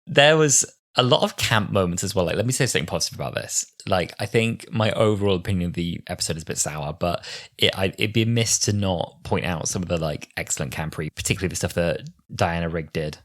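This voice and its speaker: A young man in his twenties shares opinions on a relaxed podcast. His voice sits fairly low, and his tone is wry and opinionated, with playful impressions slipped in. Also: quick pace. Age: 20s. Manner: opinionated, wry, mimics lines from shows. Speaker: podcast co-host. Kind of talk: casual podcast chat.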